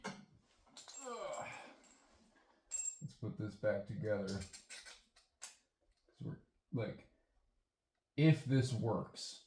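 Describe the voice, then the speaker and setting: A man's voice: on the low side, slow pace, pauses often, warm tone. Rambling young man muttering in an echoey garage. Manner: rambling, self-deprecating, mutters to himself. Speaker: vlogger. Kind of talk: casual self-talk while repairing. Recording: echoey room with faint noise.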